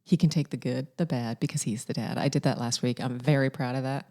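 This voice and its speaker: A woman's voice: extremely low pitch, fairly even intonation, quick pace, dark tone. A woman co-hosting a podcast, chatting casually in a playful, teasing way and laughing often. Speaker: podcast co-host. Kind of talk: casual chat.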